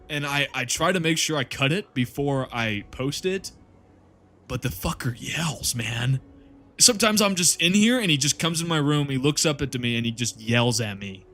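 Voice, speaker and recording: A man's voice: on the high side, a bit bright. A man chatting casually to his viewers on a live stream while playing a game, rambling, laughing and swearing freely.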